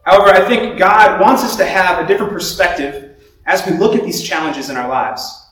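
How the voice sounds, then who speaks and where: A young man giving a sermon in a relaxed, conversational way, telling stories and often restarting his sentences. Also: high voice, a little fast, slight background noise. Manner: conversational storytelling with repeated restarts. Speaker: preacher. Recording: very echoey room, voice from far off.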